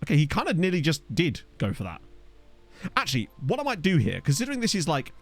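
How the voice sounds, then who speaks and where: Young male game streamer, upbeat and bouncy delivery, self-deprecating storyteller over soft background music. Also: a little high, wildly swooping pitch, fast. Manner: rambling, self-mocking storyteller with frequent laughs. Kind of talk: casual gameplay chat with chat readers. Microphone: desktop USB mic.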